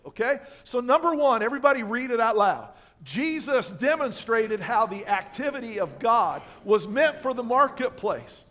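High-voiced pastor preaching with animated swings. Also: male voice. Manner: animated, swings between loud emphasis and quiet asides; asks the congregation rhetorical questions. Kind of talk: sermon. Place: church sanctuary.

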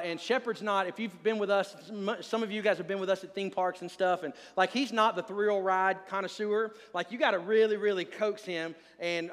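A man in his thirties preaches to a congregation with a fairly high voice, telling stories in a loose, chatty manner. His words ring out with the long reverb of a big hall. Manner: conversational, animated storytelling with asides to the congregation. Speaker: pastor. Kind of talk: sermon with personal stories.

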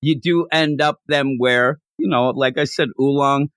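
A man hosting a podcast, recapping a comic chapter in casual chat with a rambling, animated way of telling it. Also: medium pitch, unhurried, no room sound. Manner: rambling, animated retelling with frequent restarts. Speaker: podcast host.

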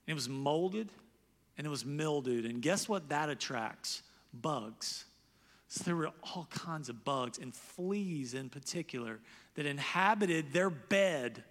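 Lively pastor guy preaching, bright voice, echoey big church. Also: fairly high pitch, slow. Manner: animated, voices quoted characters loudly. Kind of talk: sermon.

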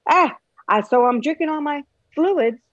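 A fretful patient whining about her fluids in a high, nasal voice, as a woman puts her on. She sits close to a dry, slightly dull mic with no room sound. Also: animated, unhurried, no room sound. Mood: whiny.

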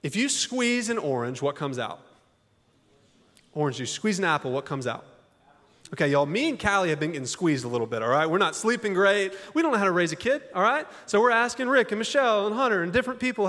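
Male pastor, conversational sermon delivery, slightly higher voice, long reverb of a church hall. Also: expressive, moderate pace, pauses often, fairly bright tone. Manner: conversational, folksy preaching with rhetorical questions. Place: church auditorium.

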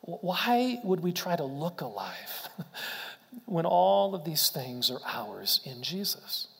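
A man's voice: high-pitched, a bit bright, in a large hall. A man preaching a sermon in an earnest way, asking rhetorical questions and often restarting his words. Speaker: pastor.

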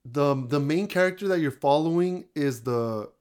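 A man's voice: fairly high pitch, normal speed, a little mellow, clean tone. A man co-hosting a casual movie review, retelling the plot with lots of fillers. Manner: chatty, retells plots with fillers. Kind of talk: casual chat.

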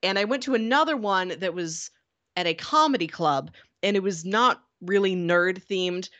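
A woman co-hosting a casual podcast chat, telling stories with animated enthusiasm. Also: lowish voice, highs cut off. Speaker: podcast co-host.

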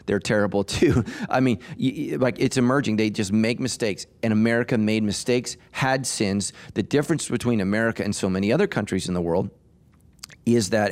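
A middle-aged pastor with a lowish voice hosts a podcast, speaking emphatically in a casual discussion and restarting his sentences often.

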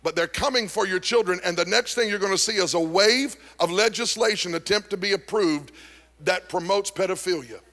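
A male pastor delivering a sermon to a congregation, moving from folksy storytelling to fervent shouted preaching. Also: sits high, a little fast. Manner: animated preaching that builds to shouting. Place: church service before a congregation.

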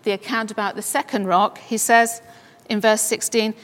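A woman's voice: medium pitch, little pitch movement, moderate pace, a bit bright. A woman preaching a sermon and reading scripture aloud, building up to fervent exclamations. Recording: long hall reverb.

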